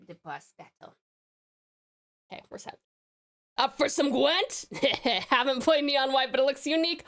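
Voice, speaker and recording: A woman's voice: high-pitched, fairly bright tone. Bubbly, giggly Australian woman streamer. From Tasmania, Australia. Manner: bubbly, giggly, chatting to viewers while snacking. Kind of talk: casual live stream chat.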